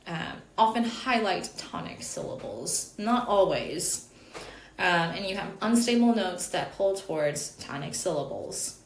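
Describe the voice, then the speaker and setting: Chatty woman teaching chant, echoey room. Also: mid-range voice. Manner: chatty and explanatory, with asides and light laughs. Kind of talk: lecture over slides. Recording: echoey room, faint background noise.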